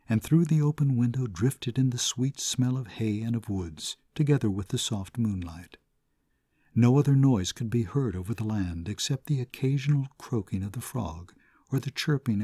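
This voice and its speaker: Male narrator, somber and measured, mellow and a little husky, storybook reading. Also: on the low side, dry recording, studio quality. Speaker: audiobook narrator. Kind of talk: scripted narration of a classic short story.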